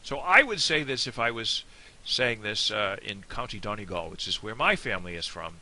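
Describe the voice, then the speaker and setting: A man's voice: lowish voice, expressive, normal speed, pushed and bright. A man with an American accent giving a casual, digressive video lesson. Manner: chatty, digressive. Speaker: Irish language teacher.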